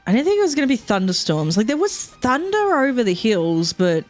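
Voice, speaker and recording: A woman's voice: fairly high pitch, sing-song, brisk, soft background music. A woman streamer chatting casually while playing a game at home, rambling, swearing often and laughing a lot.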